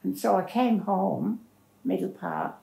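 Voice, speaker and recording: A woman's voice: mid-range voice, big pitch swings, slow pace, gravelly, mellow. An older woman, telling her life story in a plain-spoken, rambling way as an interviewee. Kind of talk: personal storytelling. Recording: roomy echo.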